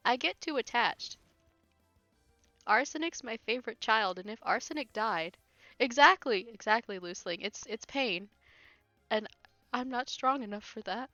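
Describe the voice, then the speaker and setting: A woman's voice: a little high, expressive, measured pace, pauses often, sharp tone, no echo, muffled recording, faint music behind. A woman streamer chatting casually while playing a video game, giggling and talking to her chat between asides. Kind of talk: casual let's-play commentary.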